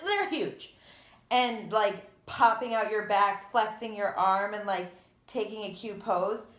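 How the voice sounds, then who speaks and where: A young pregnant woman vents in a casual vlog, short of breath and sighing between dramatic, sarcastic complaints. Her voice sits at a middling pitch and bounces off the walls of an echoey room. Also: slow, fairly bright tone. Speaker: vlogger. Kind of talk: candid casual vlog rant.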